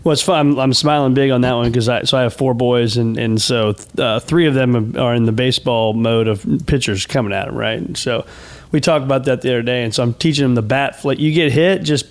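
A man's voice: medium pitch, a little fast. A man hosting an interview show, chatting in a friendly way and asking long, rambling questions. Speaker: host. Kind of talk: casual interview talk.

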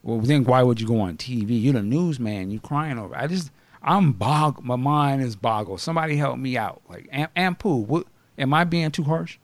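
A man's voice: mid-range voice, moderate pace, dry recording. Guy hosting a podcast, talks blunt and fired up, laughs a lot, dry close sound. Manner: animated, blunt, laughs often, questioning. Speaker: podcast host. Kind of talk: casual chat.

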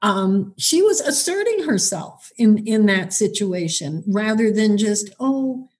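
A woman's voice: mid-range voice, animated, unhurried, darkish tone. A woman who advises on dementia care, talking through tips in an encouraging way and acting out example dialogue. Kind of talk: advice conversation.

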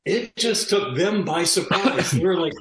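A man, a former police detective, telling an animated story with lots of fillers and laughs. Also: sits high, a little slow, roomy sound, rough recording. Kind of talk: conversational storytelling.

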